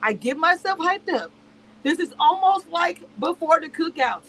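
A woman's voice: very high voice, expressive, moderate pace, a bit bright, slight background noise, low-quality recording. A woman reviewing a reality show on a live stream, speaking in a heated, emphatic way and repeating herself. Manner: emphatic and repetitive, heated and exasperated. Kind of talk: casual live-stream commentary rant.

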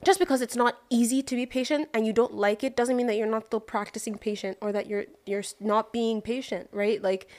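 A woman's voice: a little high, steady tone, fairly quick, hardly any pauses. A woman from Nigeria co-hosting a podcast, talking earnestly and frankly in a casual chat. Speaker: podcast co-host.

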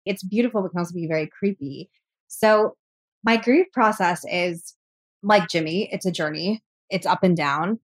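Woman, podcast guest, slightly low pitch, earnest, reflective, laughs easily. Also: normal speed. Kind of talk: candid conversational interview.

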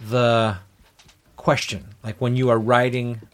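A man co-hosting a podcast, chatting casually in an easygoing way and often chiming in with quick agreement. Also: medium pitch, flat delivery. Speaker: podcast co-host. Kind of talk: casual chat.

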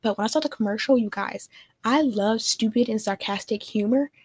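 A woman's voice: fairly high pitch, brisk, a little hiss or hum. A young adult woman hosting a casual solo podcast, chatting in a bubbly, gushing way and filling her talk with "like.". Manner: bubbly, gushing, heavy use of "like". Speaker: podcast host.

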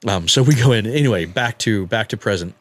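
A man telling a personal story on a podcast, halting and repeating words as he acts out what people said. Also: fairly low pitch, lively intonation. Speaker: guest telling his story.

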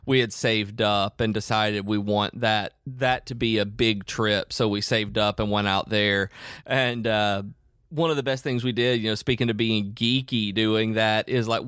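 A man's voice: fairly low pitch, a bit bright, clean tone, no echo, studio quality. A young man from Tennessee, co-hosting a podcast in rambling casual chat full of fillers. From southern Middle Tennessee, US. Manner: rambling, many fillers and restarts. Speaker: podcast co-host.

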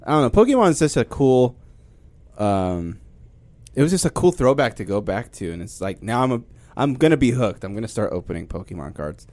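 A man hosting a podcast in a casual chat, joking and animated. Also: medium pitch, dry recording. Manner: animated, joking, quick to laugh. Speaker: podcast host.

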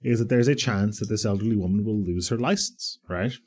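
A man co-hosting a podcast in casual chat, excitable and emphatic, often laughing. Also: fairly low pitch, brisk, slightly rough. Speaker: podcast co-host.

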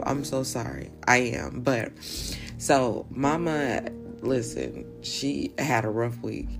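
A woman with a very deep, gravelly voice hosts a podcast. She chats casually, tossing in playful asides and laughs.

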